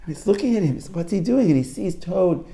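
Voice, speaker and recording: A man's voice: sits high, a little fast, vocal fry. A man and career coach giving a Torah talk to a live audience, telling a story with lots of repeats and restarts. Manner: animated storyteller, repeats phrases, many restarts.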